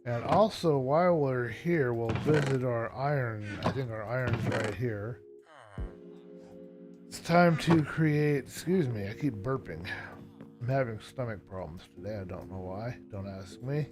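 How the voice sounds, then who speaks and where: A drowsy man chats in a loose, rambling way as he plays, often trailing off. His voice sits at an ordinary pitch. Music runs clearly underneath his talk. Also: a little slow. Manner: low-key, rambling, hesitant, yawning. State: tired and yawning. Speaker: streamer. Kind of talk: casual live-stream chat while playing. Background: background music.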